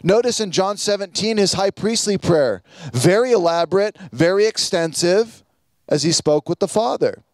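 A man preaching a sermon as pastor, teaching earnestly with quoted prayers and pauses. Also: high voice, animated, no echo.

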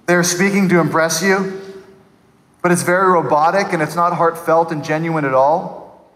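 Animated high-voiced male preacher in a hall. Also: normal speed. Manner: animated, mimics people in funny voices. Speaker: pastor. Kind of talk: sermon.

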